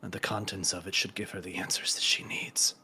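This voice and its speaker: A game master voicing a dejected young man who mutters under his breath in low, half-whispered lines. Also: level tone, brisk, pushed and bright, breathy edge, faint music behind, heavily acted. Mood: despairing.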